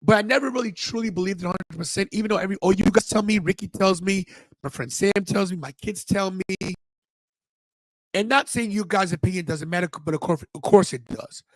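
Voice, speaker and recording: A middle-aged male podcast host tells a personal story with emotion, acting out the people in it and quoting their voices in an animated retelling. His voice sits high and moves a little fast, and the recording has no echo. It's a storytelling monologue.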